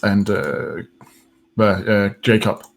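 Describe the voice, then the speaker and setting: A man's voice: on the low side, slow, gravelly. Hesitant male game master. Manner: hesitant narration with many fillers. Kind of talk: narrating a tabletop game.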